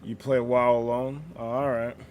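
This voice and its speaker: A man's voice: mid-range voice, flat delivery, normal speed, a little mellow, a little hiss or hum. A man streaming a game, chatting casually with many fillers and restarts. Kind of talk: casual gaming stream chat.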